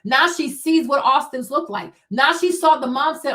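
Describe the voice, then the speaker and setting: Blunt, high-voiced woman streamer. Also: lively intonation, moderate pace, few pauses, bright, forceful tone. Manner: blunt, profane, talks back to chat. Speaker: livestream host. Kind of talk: heated livestream commentary.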